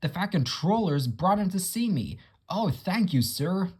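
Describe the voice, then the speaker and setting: A man's voice: sits high, expressive, a little slow, a little mellow, slightly rough, voice pushed up, heavily acted. A man voicing a proud, grumpy big male steam engine, huffy and self-pitying. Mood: overjoyed.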